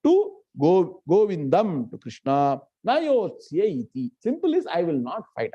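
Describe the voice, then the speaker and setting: Animated man teaching scripture. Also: sits high, breathy edge, dull audio. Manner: animated, questioning, chanting verses slowly with pupils. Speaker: Gita teacher. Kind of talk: live online scripture class.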